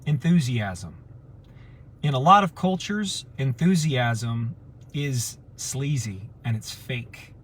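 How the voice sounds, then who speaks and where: A husky, slightly breathy man with a mid-range voice tells personal stories in a casual way. He acts out the people he quotes as he goes. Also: medium pitch, expressive, takes it slowly. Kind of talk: casual storytelling talk.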